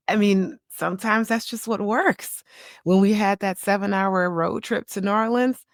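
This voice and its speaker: A woman in her thirties, a child psychiatrist, hosts a casual solo podcast, chatting animatedly and laughing easily. Her voice is medium in pitch, and the studio-quality recording has no echo.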